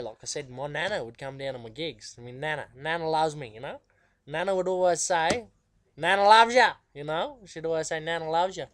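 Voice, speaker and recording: A man's voice: fairly high pitch, no echo, close to an everyday voice. A man playing a cheeky Aussie guitarist. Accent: Australian. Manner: rambling, slangy, full of fillers. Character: cheeky laid-back male outback guitarist. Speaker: musician being interviewed. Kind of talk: comedic character interview.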